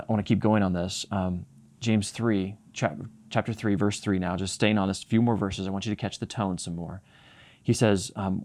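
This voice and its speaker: A man's voice: low-pitched, creaky, darkish tone. A man preaching a sermon as pastor, reading scripture and explaining it earnestly, often repeating and restarting phrases. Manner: reads scripture aloud, then explains it.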